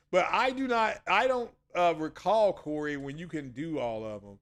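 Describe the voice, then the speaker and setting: A man's voice: a little high, animated, measured pace, a bit bright. A man hosting a casual livestream, chatting with viewers in a rambling way and often correcting himself mid-sentence. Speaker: channel host.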